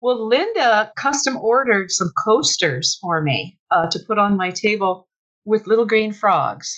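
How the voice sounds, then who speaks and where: Animated woman storyteller, dull audio. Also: medium pitch, unhurried. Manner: animated, breaks into shrieks and laughter when retelling. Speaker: author guest. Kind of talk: conversational storytelling.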